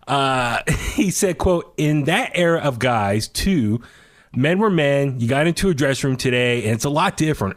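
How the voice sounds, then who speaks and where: Rambling casual podcast host man. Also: a little high. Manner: rambling with many fillers and restarts. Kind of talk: casual chat.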